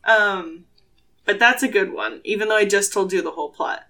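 A woman's voice: medium pitch, moderate pace, heavy background noise. A woman co-hosting a podcast, explaining things in a rambling way full of fillers and laughs. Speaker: podcast co-host. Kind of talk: casual chat.

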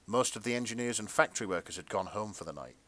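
A man's voice: on the low side, expressive, fast talker, a bit bright. A man, a podcast host, narrating a fanfic aloud with wry asides.

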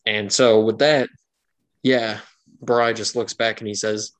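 A man's voice: fairly low pitch, flat delivery, measured pace. A man narrating as game master of a tabletop game, rambling loosely with fillers.

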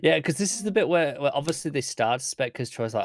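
A man's voice: fairly high pitch, expressive, quick pace, few pauses, dry recording, studio quality. A man co-hosting a casual podcast chat, agreeing readily and chiming in with short remarks. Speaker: podcast co-host.

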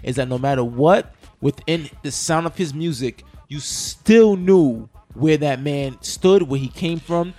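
A man from the Bronx arguing hard in a casual debate, his voice pitched a little high for a man. He cuts in often and repeats phrases to keep the floor. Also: a little slow, mellow, faint music behind. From the Bronx, New York. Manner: emphatic, interrupts, repeats himself.

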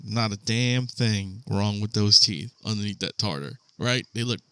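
A man's voice: fairly low pitch, moderate pace, fairly bright tone, clean tone, no echo. A man co-hosting a podcast, telling a work story in casual, profane chat and laughing through it. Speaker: podcast co-host.

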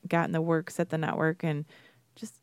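A woman's voice: low-pitched, flat delivery, normal speed, clean tone, no echo. A woman co-hosting a podcast in casual, rambling chat full of fillers. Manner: chatty, rambling with many fillers. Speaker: podcast co-host.

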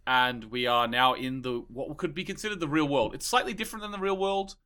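Bright-voiced man explaining on a podcast. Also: mid-range voice, fairly quick. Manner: explains eagerly, checks in with listener. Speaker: podcast host. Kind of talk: casual chat.

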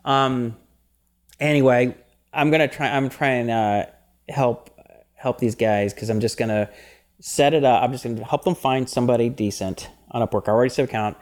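A man co-hosting a casual podcast chat, animated and rambling, often breaking into laughter. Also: mid-range voice, moderate pace. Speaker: podcast co-host.

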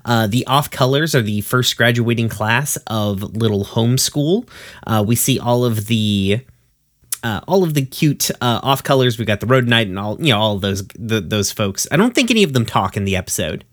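A man summarizing a cartoon episode for a podcast in a loose, casual way. He drops curses and laughs as he narrates. His voice sits at an ordinary pitch. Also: animated, normal speed. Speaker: podcast co-host recapping episodes.

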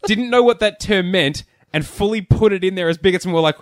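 A man's voice: high voice, brisk, no room sound, clean studio sound. A man co-hosting a podcast, chatting casually and rambling through stories with lots of asides. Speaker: podcast co-host. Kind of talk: casual chat.

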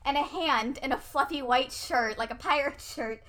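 A young woman with a high, bright voice recaps a film in casual chat. She talks in a loose, chatty way, laughs often and fills her sentences with "like". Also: normal speed.

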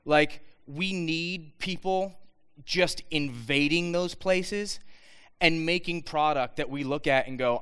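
Earnest guy giving a talk to students, smooth clear voice, keeps restarting sentences. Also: a little high, slow pace. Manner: earnest, animated, with many restarts. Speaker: speaker addressing students.

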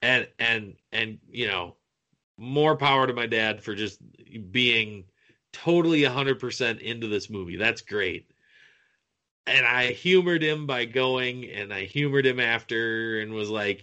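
A man co-hosting a casual movie-review chat, building up his point slowly and mockingly. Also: mid-range voice, bright, forceful tone, muffled recording. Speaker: podcast co-host.

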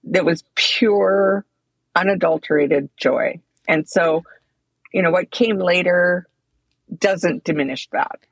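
A woman's voice: fairly low pitch, slow pace, husky, no room sound, poor audio. An older woman co-hosting a podcast in casual chat, eating while she talks and laughing often. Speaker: podcast co-host. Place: coffee shop.

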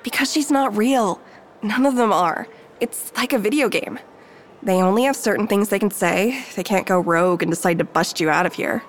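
An actress playing a sardonic young woman who teases her companion in a dry, deadpan way. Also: medium pitch, moderate pace, a little hiss or hum, lightly acted. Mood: dry teasing.

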